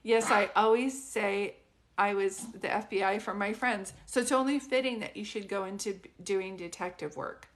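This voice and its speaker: A chatty woman gives a relaxed live psychic reading from home, her voice sitting at a medium pitch. She rambles along with plenty of fillers and quick restarts. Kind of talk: casual live-stream reading. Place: at home with a dog nearby.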